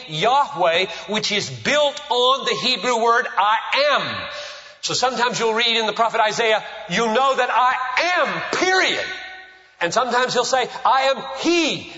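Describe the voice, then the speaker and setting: A male pastor preaching with passion, his high, bright voice climbing on bold declarations and dropping to near-whispers. He speaks slowly and deliberately. The recording is dull and lo-fi, with a long reverb from a church sanctuary. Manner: impassioned, swinging from loud declarations to hushed low phrases. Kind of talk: sermon.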